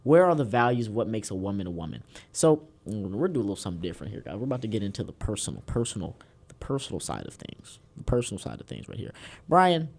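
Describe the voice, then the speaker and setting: A man's voice: fairly low pitch, sing-song, quick pace, darkish tone. Joking Southern podcast host, man. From Houston, Texas. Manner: joking, rambling, theatrical emphasis. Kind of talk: casual political podcast chat.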